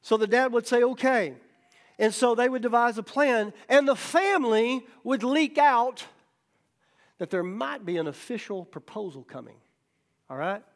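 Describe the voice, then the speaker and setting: A man's voice: very high voice, expressive, normal speed. A middle-aged male pastor giving a folksy, joking sermon, checking in with "okay?" and "right?" and acting out the voices in his stories. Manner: acts out quoted voices in stories.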